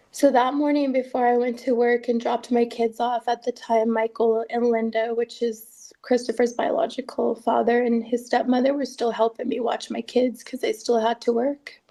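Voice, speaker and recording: A woman recounting painful family events as an interviewee in a documentary, speaking earnestly with halting restarts. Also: on the high side, vocal fry, dark tone. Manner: earnest, halting first-person retelling with restarts. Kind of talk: documentary testimony.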